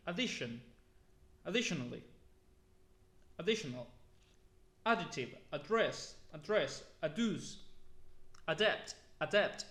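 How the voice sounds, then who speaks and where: A man reading a long list of words aloud one by one, slow and deliberate, as a YouTuber. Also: a little high, lively intonation, pushed and bright, reverberant.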